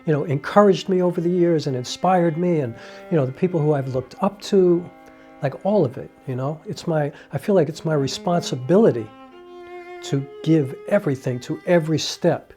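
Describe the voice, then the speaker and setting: A man's voice: fairly high pitch, normal speed, mellow, soft background music. A man, an independent filmmaker and playwright, talking earnestly and from the heart to the camera, full of "you know" fillers. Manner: acts out quoted dialogue with raised voice. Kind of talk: reflective monologue to camera.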